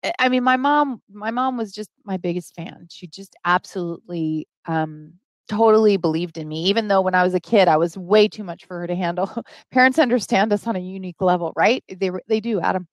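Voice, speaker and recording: A woman's voice: medium pitch, brisk, no room sound. A middle-aged woman hosting a motivational live stream, talking to her viewers and getting teary as she speaks. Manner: emotional, reads chat names aloud, gets teary.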